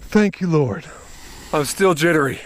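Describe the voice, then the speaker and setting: This man's voice is a little high and measured as he vlogs while fishing outdoors on the water, with slight background noise. Excitable and exclaiming, he chats casually and directly to his viewers.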